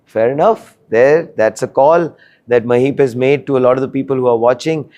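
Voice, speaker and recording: A man hosting an interview show, asking drawn-out questions full of fillers and closing the episode. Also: medium pitch, mellow, dull audio. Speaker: show host.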